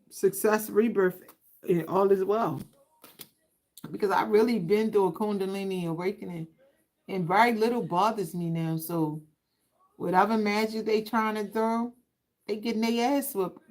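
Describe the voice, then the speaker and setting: On a relaxed livestream, a talkative, sassy tarot reader addresses the people watching directly, her speech flowing easily like conversation. Her mid-range voice has a darkish tone, and the recording is rough.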